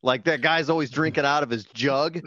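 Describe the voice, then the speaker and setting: A man co-hosting a podcast in casual chat, laid-back and teasing, with halting restarts. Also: fairly high pitch, fairly bright tone, dry recording. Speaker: podcast co-host. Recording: dull lo-fi dry mic.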